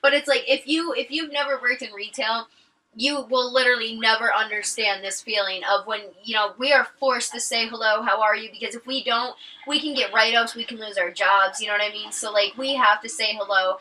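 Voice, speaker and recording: A young woman chats casually while playing a game, laughing often and padding her talk with fillers. Her voice is fairly high and bright. She sits a little back from the mic. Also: fairly even intonation, a little fast, far from the mic, low-quality recording. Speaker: gaming channel co-host. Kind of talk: casual chat over gameplay.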